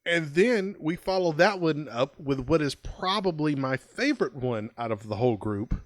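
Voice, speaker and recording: A man's voice: fairly high pitch, animated, normal speed, no room sound. A man co-hosting a podcast in a casual review chat, easygoing and rambling, laughing often. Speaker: podcast co-host.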